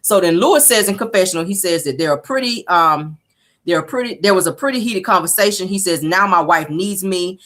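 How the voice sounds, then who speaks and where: Animated and fairly quick, with a slightly bright tone, this woman gives a relaxed reality-show recap. She's sassy and outspoken, curses without hesitation, and performs the quotes with dramatic pitch jumps.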